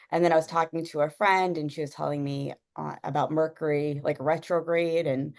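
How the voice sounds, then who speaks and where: A woman's voice: low voice, fairly even intonation, fairly quick, hardly any pauses, darkish tone. A young woman telling a personal story in a casual, rambling way, with many fillers and frequent laughs. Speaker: guest sharing a personal story.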